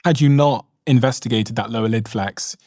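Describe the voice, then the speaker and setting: A man hosts a podcast interview, reacting briefly and then summing up what his guest said. His voice is mid-pitched and recorded dry. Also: normal speed, a little mellow, no echo. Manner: engaged, responds briefly then sums up. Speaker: podcast host.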